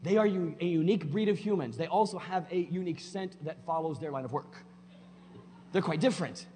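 In a church sanctuary, a man delivers a folksy, plainspoken sermon, swinging between loud, emphatic declarations and quiet conversational asides. His voice is a little high and fairly quick, recorded with long hall reverb and a faint hum.

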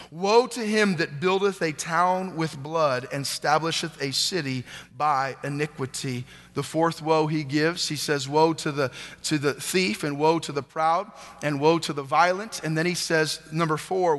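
Preaching man in a reverberant hall. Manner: slow, emphatic preaching, voicing God's answers; drops to a hushed, low voice near the end. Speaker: pastor. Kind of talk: sermon.

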